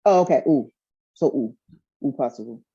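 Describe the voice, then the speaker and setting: A woman's voice: a bass voice, lively intonation, moderate pace, mellow, husky, muffled recording. A woman student in a language class, hesitantly trying answers and thinking aloud.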